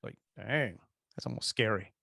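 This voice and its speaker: A man's voice: on the low side, moderate pace, gravelly, sharp tone, breathy edge, no room sound, studio quality. A man with a Cajun Louisiana accent, co-hosting a podcast, joking and folksy in casual chat. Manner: joking, folksy, talks in bursts. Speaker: podcast co-host.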